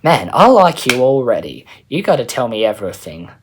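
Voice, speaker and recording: A man voicing an excitable, friendly teenage girl in a storybook reading, raising his voice high and eager. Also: moderate pace, a little hiss or hum, natural voice. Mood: excited.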